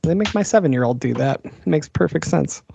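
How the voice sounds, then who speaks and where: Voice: mid-range voice, animated, fairly quick, vocal fry, warm tone, slight background noise. A podcast co-host chatting casually about a movie, laid-back and wry, swearing now and then.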